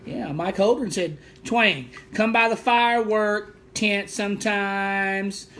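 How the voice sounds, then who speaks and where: A man's voice: high voice, steady tone, slow pace, a bit bright. A man, co-hosting a casual livestream and reading viewer comments aloud in a playful way. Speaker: co-host of music duo livestream.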